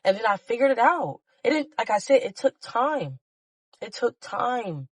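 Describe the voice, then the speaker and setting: A woman's voice: a little high, big pitch swings, a little slow, breathy edge, no room sound. A woman hosting her own podcast, giving a passionate, blunt motivational talk to listeners and swearing freely. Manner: emotional, preachy urging of listeners. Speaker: podcast host. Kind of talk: motivational solo podcast monologue.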